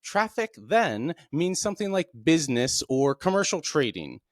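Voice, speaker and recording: A man hosting his own show, explaining texts in a plain, deliberate way. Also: dry recording, clean studio sound. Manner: plain, deliberate explaining with lively pitch swings. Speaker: podcast host. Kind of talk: explanatory monologue.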